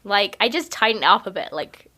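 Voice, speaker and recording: A woman's voice: mid-range voice, big pitch swings, brisk, bright, forceful tone. A woman with a non-Canadian English accent co-hosting a hockey podcast, chatty and self-deprecating. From outside Canada. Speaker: podcast co-host. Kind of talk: casual chat.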